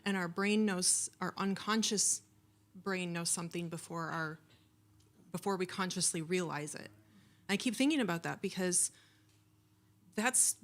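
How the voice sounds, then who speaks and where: A woman from the congregation sharing a personal reflection, hesitant and searching for words. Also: lowish voice. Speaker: congregation member.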